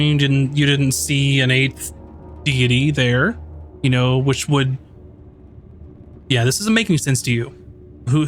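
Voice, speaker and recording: A man acting as game master narrates a tabletop game, rambling along with plenty of fillers and restarts. His voice is medium in pitch with a fairly bright tone.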